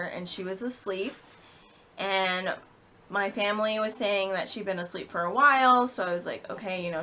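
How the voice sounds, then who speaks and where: A young woman in her twenties, a vlogger, telling an emotional personal story with halting speech and many fillers. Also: lowish voice, sharp tone, a little hiss or hum.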